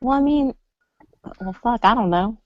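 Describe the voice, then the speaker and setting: A woman's voice: a little high, lively intonation, normal speed, narrow, tinny audio. A woman in her late twenties streaming and chatting casually, laughing often and swearing freely. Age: 20s. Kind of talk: casual group chat on a live stream. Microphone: online voice call.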